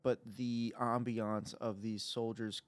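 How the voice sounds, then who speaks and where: A man narrating a tabletop role-playing game as game master, in a casual, halting way with many fillers. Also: mid-range voice, level tone, no room sound.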